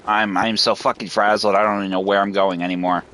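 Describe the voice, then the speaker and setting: A man's voice: fairly low pitch, little pitch movement, fast talker, a little hiss or hum. A man commenting on his own video game playthrough, swearing freely and talking to himself as he plays. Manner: swears a lot, shouts in frustration. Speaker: gaming video host. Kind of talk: let's play commentary.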